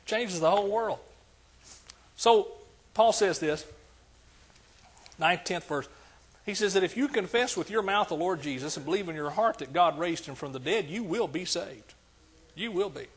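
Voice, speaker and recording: A man's voice: high voice, lively intonation, normal speed, long pauses, slightly rough. An older man preaching a sermon as pastor, emphatic and repetitive in his cadence.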